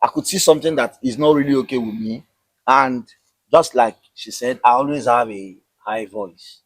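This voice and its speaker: A man's voice: medium pitch, normal speed, no room sound, rough recording. A man being interviewed with his wife, explaining at length in casual chat, often repeating words and asking "you understand?". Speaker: interviewed husband.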